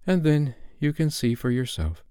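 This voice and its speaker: Wistful grown-up mother, soft and tender, voiced by a man, storybook reading, lively lilt. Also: fairly high pitch, normal speed, smooth, dry recording, studio quality, pitched above the performer's own voice. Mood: gentle.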